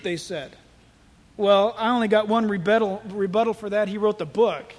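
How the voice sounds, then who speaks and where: A man preaching a sermon as pastor, telling stories in an animated way. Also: high voice, moderate pace. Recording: echoey hall with long reverb.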